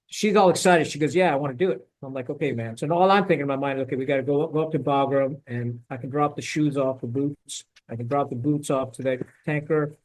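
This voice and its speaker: This former Marine, middle-aged, talks fast and barely pauses while he relates a war story on a laid-back podcast. Animated and sometimes profane, he acts out others' lines in a medium-pitched voice, and the recording is rough.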